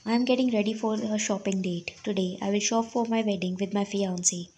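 A woman's voice: medium pitch, fairly even intonation, fairly quick, warm tone, a little hiss or hum. Young woman narrating a fan story. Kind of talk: first-person fan fiction narration.

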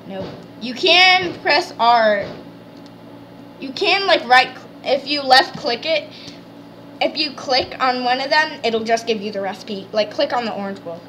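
A woman hosting a let's play, chatting excitedly and explaining the game as she goes. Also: sits high, a little slow, slight background noise. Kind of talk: casual gameplay chat.

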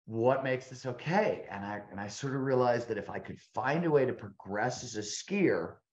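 A man in his fifties with a lowish voice, a guest author talking casually in an interview. He rambles and restarts sentences, piling up fillers as he goes. The recording sounds roomy and dull, a bit lo-fi. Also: expressive, brisk. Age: 50s.

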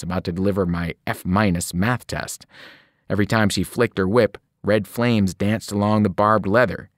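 A man reading a novel aloud to students, telling the story in a lively way and breaking into sudden voiced cries. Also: fairly low pitch, no echo, clean studio sound. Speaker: reader.

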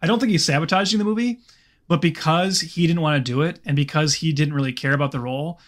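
A man co-hosting a casual movie podcast, voice sitting a touch higher than most men. He rambles through his points with a steady stream of "like" and restarts. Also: quick pace. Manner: rambling, filler-heavy, lots of "like". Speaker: podcast co-host. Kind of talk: casual film-review chat.

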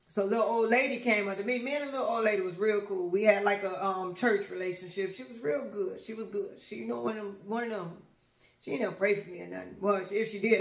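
A woman's voice: medium pitch, echoey room. A woman telling a long personal story in a casual, conversational way, talking straight to her listeners. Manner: animated, conversational, addresses listeners as y'all.

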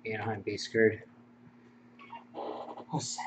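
A man's voice: on the low side, completely flat delivery, slow pace. A man hosting a live-streamed card break, rattling off card names and serial numbers and chuckling as he chats with viewers. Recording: muffled stream audio with faint hum.

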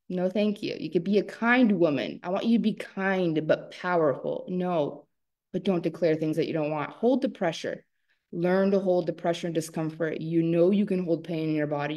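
Animated, emphatic woman coach. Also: lowish voice, normal speed. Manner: animated, emphatic, laughs often. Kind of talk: live online masterclass talk.

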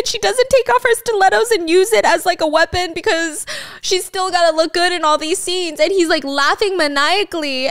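A woman casually recapping a drama on a podcast, acting out the lines with lively, swearing commentary. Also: high-pitched.

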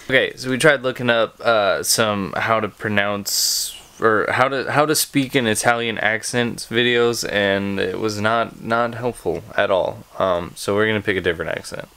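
A man's voice: lowish voice, moderate pace, hardly any pauses, pushed and bright, clear, resonant tone. A young man talking casually to the camera as a vlogger, rambling a little and chuckling between phrases. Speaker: vlogger on a date with his wife. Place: at home.

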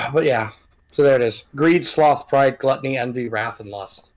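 A man's voice: mid-range voice, measured pace. A man co-playing a horror game in casual chat, making dry, wry remarks. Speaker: co-player and guest. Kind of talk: casual let's-play chat.

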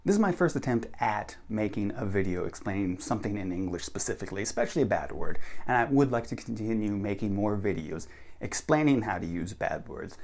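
Casting: American man, casual video teacher, lively swinging delivery, slightly gravelly edge. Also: a little fast. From United States. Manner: animated, acts out example sentences with big pitch jumps. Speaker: English teacher, channel host.

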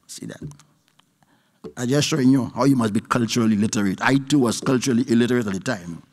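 Emphatic Trinidadian man, echoing hall. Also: medium pitch. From Trinidad and Tobago. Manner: emphatic, deliberate, repeats key points slowly. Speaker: university professor giving a budget response. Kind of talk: public speech to an audience. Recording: speech hall with long reverb.

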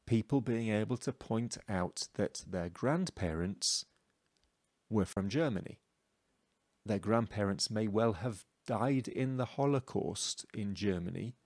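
A man with a fairly low voice talks through the references in a song, explaining each one. His manner is chatty and informal, with little asides like "okay?" thrown in. The sound is dry and close, with no room echo. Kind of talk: scripted explainer lesson.

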